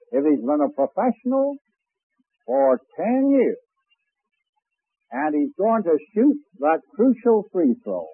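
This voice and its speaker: Slow, lively old-recorded preacher teaching a class. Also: male voice, high-pitched, husky, no echo. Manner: slow, deliberate, with demonstrations. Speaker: preaching instructor. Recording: tinny, phone-like old recording.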